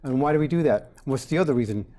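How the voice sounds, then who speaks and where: A man in his forties, appearing as a dentist guest in a casual interview, explains things plainly in a warm, mellow, mid-range voice and talks fast. Like an animated storyteller, he acts out little quotes from patients and staff.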